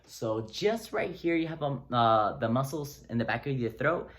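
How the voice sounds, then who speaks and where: A man teaching pronunciation in a casual video lesson, relaxed and encouraging, joking often and using plenty of fillers. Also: mid-range voice, normal speed. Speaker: language teacher. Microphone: close-up camera.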